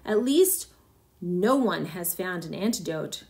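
A woman's voice: lowish voice, animated, slow, a little mellow, heavily acted. A woman reading as a smug ruthless husband. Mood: cold, smug. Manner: gruff, smug, harsh. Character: ruthless, vindictive middle-aged businessman husband.

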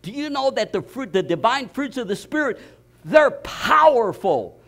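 An older man preaching a sermon, telling stories with bursts of shouting and laughter. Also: very high voice, sing-song, measured pace, vocal fry. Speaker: pastor.

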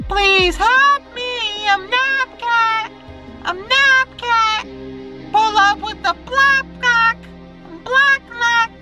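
A man voicing a sweet female toy monster in a high, girly put-on voice. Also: pushed and bright, recorded from a distance, heavily acted. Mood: spooky.

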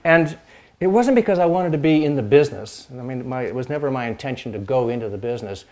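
Talking fast in an expressive, slightly mellow middle-pitched voice, an older dulcimer-playing host from the U.S. Pacific Northwest looks back on his start in music. His casual monologue rambles with restarts, fillers and repetition, broken by occasional strummed chords he demonstrates.

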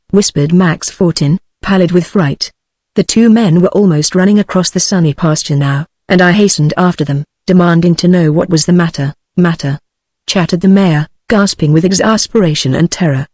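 A text-to-speech woman's voice with a British English accent, reading a story aloud in an even, steady way. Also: on the low side, dry recording. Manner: even, steady reading of all parts alike. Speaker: narrator.

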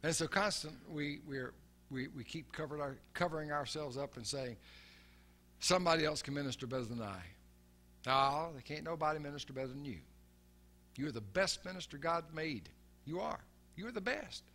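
An older man preaching a sermon in an earnest way, often repeating his words and softening to a low murmur when quoting. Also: normal speed.

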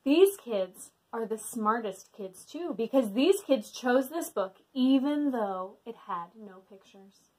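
A high-voiced woman hosts a library storytime and reads a book aloud to children. She swoops all over her range, hamming up playful mock protests. Her delivery is unhurried, with room left for every joke. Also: lively intonation, mellow. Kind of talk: reading a picture-free book aloud to children.

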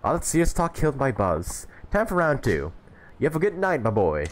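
A man's voice: mid-range voice, huge pitch swings, a little fast, a little hiss or hum, pitched above the performer's own voice. A man voicing a cocky, boisterous old English drunk who lectures a younger man. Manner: jovial, teasing, laughing.

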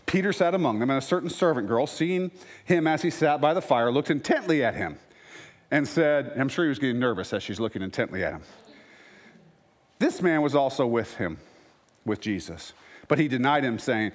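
Lively, animated male pastor preaching. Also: fairly high pitch. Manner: casual, joking asides between readings. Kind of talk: sermon with scripture reading.

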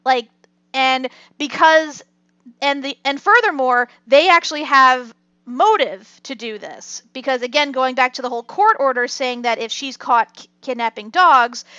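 A woman co-hosting a podcast, laying out an argument about a film in an animated way. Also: high-pitched, no echo, lo-fi sound. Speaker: podcast co-host. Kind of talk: casual film discussion.

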